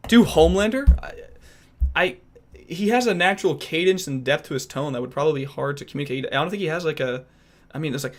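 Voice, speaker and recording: A young man streaming, chatting casually with viewers, animated and rambling with frequent restarts. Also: on the high side, fast. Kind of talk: casual chat reacting to viewers.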